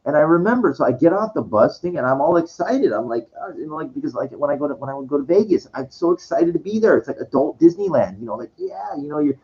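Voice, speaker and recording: A man's voice: on the high side, big pitch swings, quick pace, hardly any pauses, darkish tone. A man telling a rambling personal story full of restarts and swearing, breaking into quoted voices. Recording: dull lo-fi recording.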